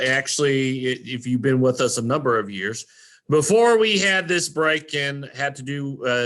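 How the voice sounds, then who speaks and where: A man's voice: medium pitch, sharp tone. A man, an elementary school principal giving a recorded presentation to parents, earnest and often correcting himself. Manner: earnest, repetitive, self-correcting.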